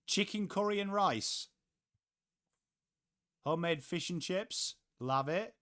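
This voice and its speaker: A man's voice: sits high, slow pace, long pauses, a bit bright. A young man from England, chatting casually on a live sports watchalong, reading out viewers' messages and swearing offhandedly. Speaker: livestream host.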